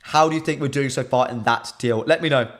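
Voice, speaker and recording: A young British man hosting a live stream, chatting casually and answering viewers' comments in lively banter. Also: medium pitch, brisk. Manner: animated, reads chat comments aloud and banters with viewers.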